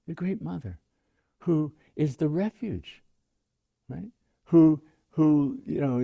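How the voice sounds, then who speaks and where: A man teaching meditation, speaking slowly and gently in a guided meditation talk. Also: fairly low pitch. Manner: slow, gentle, soft-spoken, drawn-out phrasing.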